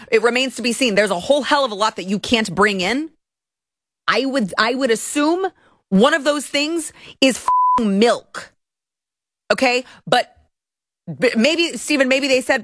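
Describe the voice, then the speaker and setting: A woman's voice: a little high, animated, moderate pace, a bit bright, dry recording, clean studio sound. A woman from Texas hosting a commentary stream, ranting indignantly and stumbling over restarts as she talks. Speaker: political commentary host. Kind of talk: opinion livestream commentary.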